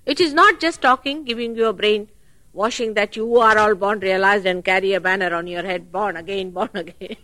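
A woman giving a spiritual talk at a public program, animated and full of rhetorical questions. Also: mid-range voice, brisk, dry recording. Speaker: spiritual teacher.

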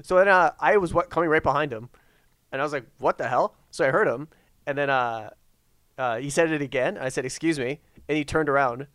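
Fast-talking man, halting delivery. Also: on the high side, fairly bright tone, smooth, no echo. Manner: halting, repetitive storyteller with many restarts. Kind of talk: casual storytelling chat.

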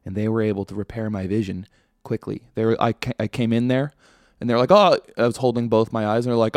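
A man's voice: fairly low pitch, fairly even intonation, fast talker, few pauses, dry recording, studio quality. A man hosting a podcast, delivering a casual comedic monologue in a sardonic, ranting, profane way. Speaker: podcast host.

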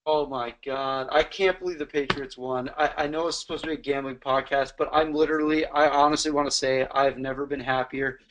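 A man's voice: mid-range voice, steady tone, a little fast, hardly any pauses, a bit bright, muffled recording, a little hiss or hum. A man co-hosting a podcast in casual chat, bantering bluntly and swearing. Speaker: podcast co-host.

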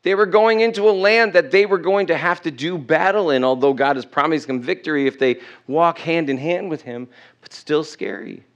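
Speaking at a normal pace, a middle-aged pastor with a fairly high, slightly bright voice delivers a sermon in church. He reads scripture aloud, fixing his own slips, and questions the congregation; the recording is muffled.

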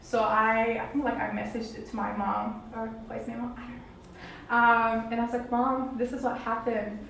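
A young woman tells a personal faith testimony in a meandering way, full of fillers and restarts. Her voice sits a little high. She sounds far from the mic in a very echoey room with faint background noise. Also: flat delivery, moderate pace, creaky, fairly bright tone. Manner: rambling, many fillers and restarts. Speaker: testimony speaker.

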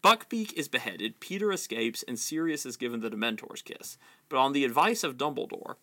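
A man giving measured, explanatory commentary on a novel. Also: medium pitch, animated, bright, forceful tone. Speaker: literary commentator. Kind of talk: analytical book commentary.

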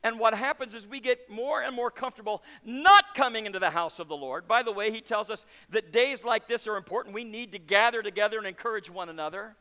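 A bright, high-pitched man preaches a sermon in a church sanctuary, his voice trailing off in long hall reverb. He drops to hushed, intimate lows and then rises to loud, emphatic peaks. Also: fairly quick, hardly any pauses, clean tone. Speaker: pastor.

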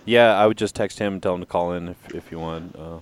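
Deep voiced dude mumbling short bits from across the studio, kinda noisy. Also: male voice, steady tone, fairly quick. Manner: quiet, brief remarks from off-mic.

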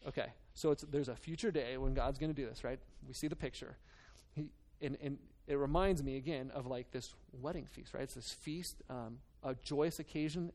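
A male pastor preaches in an earnest, conversational way, stopping and restarting his thoughts as he goes. His voice sits at an ordinary middle pitch. He moves between reading scripture and talking plainly to his congregation. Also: moderate pace, hardly any pauses, darkish tone. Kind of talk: sermon.

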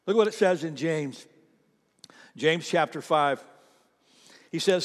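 Middle-aged pastor preaching, fairly high voice, big emphatic lines then drops to a whisper, long church reverb. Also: male voice, slow pace, pauses often. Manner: swings from loud emphatic declarations to hushed near-whispers; repeats lines for emphasis, speaks directly to the congregation. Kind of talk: sermon. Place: large church sanctuary.

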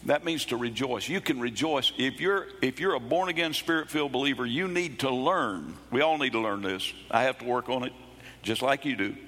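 Middle-aged male preacher, bright ringing voice, emphatic and repetitive, church sermon. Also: mid-range voice, a little fast, big-room sound. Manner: emphatic preaching, repeats phrases, bursts into shouts. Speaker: pastor.

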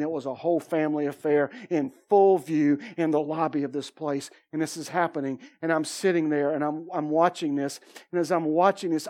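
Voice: medium pitch, a little mellow. A preacher giving a sermon testimony, telling a story with repeated phrases and acting out what each person said.

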